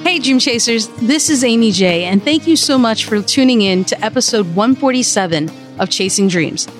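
A woman's voice: on the high side, lively intonation, normal speed, over music. A woman hosting her podcast in upbeat, chatty conversation with guests. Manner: upbeat and chatty, laughs easily. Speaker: podcast host. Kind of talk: casual interview chat.

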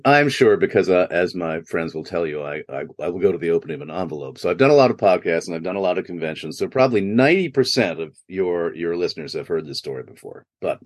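An older man, a guest actor, telling anecdotes in a self-mocking, animated way in a podcast interview. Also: low-pitched, dry recording. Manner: animated, self-mocking storyteller who acts out quoted voices.

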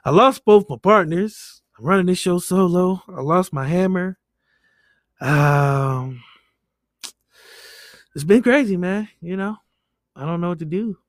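A man's voice: high voice, unhurried, pauses often, no echo, clean studio sound. A man hosting a casual podcast, joking loosely and swearing freely over a remote call. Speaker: podcast host. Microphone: remote call setup.

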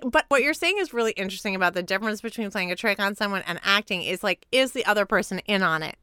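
A woman in her thirties hosting an interview, chatty and animated, saying "like" a lot. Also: mid-range voice, quick pace, clear, resonant tone. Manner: chatty, heavy use of "like", animated storytelling. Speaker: podcast host. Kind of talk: casual interview chat.

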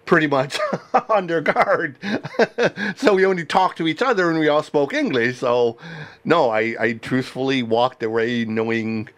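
A man hosting a podcast, talking in a rambling, halting way with many restarts and frequent laughter. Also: on the high side, animated, a bit bright. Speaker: podcast host. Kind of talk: casual interview chat.

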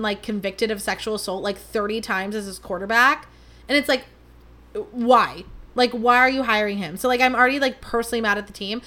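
A woman's voice: on the high side, pushed and bright. A young woman hosting a podcast, talking in a rambling, dramatic and self-mocking way. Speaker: podcast host. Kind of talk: casual chat.

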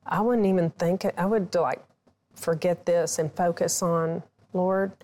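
A woman's voice: lowish voice, steady tone, a little slow, warm tone. Earnest woman author teaching on a talk show. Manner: earnest, teaching, leads prayer. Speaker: author and guest. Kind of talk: Christian talk show conversation.

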